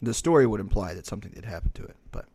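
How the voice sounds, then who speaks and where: Low-voiced man telling a profane story. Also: expressive, very fast, a little mellow, husky. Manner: profane, rambling anecdotes. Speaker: podcast co-host. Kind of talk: casual storytelling chat.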